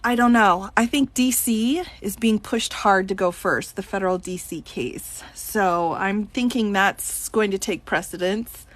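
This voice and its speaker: A woman's voice: medium pitch, a little slow, few pauses. A woman attorney on a casual live stream, reading out viewer questions and answering them with lots of laughter. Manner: giggly, reads out chat questions and answers them.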